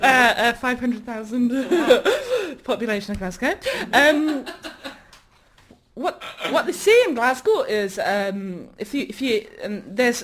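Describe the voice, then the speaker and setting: A woman artist performing comic, rambling chat, self-mocking and laughing often. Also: medium pitch.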